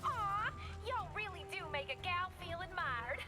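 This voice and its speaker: Villain streamer, mocking and theatrical; very lively, drawn-out delivery. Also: female voice, very high voice. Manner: showy, mocking, playing to an audience. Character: brash young female livestreamer villain, taunting. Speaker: game character. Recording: game audio with loud music. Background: game music.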